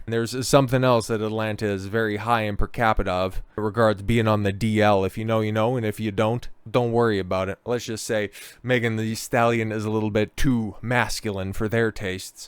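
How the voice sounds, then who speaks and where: A man's voice: on the low side, smooth, no echo. A man hosting a political commentary vlog, sarcastic and full of mocking asides.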